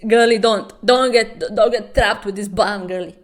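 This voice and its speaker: A woman's voice: medium pitch, fairly even intonation. A woman commenting on a webtoon in a sarcastic, swearing reaction style, acting out the characters' lines. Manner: plays every character in quick put-on voices.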